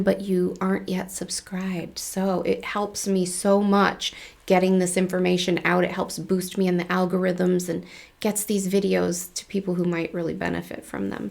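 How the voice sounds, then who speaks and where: A woman with a medium-pitched, creaky voice hosts her own spiritual channel, talking casually to viewers. She's chatty, laughs often, and acts out little exchanges of dialogue.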